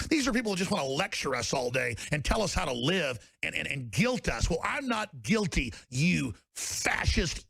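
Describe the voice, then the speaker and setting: A man delivering an angry ranting monologue as a political commentator, swinging between low growled lines and fiery bellowed shouts. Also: gravelly, no room sound.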